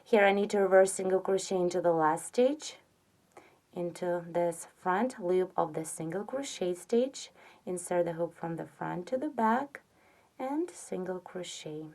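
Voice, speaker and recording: Slow, patient woman teaching crochet. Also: lowish voice, lively intonation. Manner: slow, patient, counts stitches aloud softly. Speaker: crochet instructor. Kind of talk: step-by-step tutorial narration.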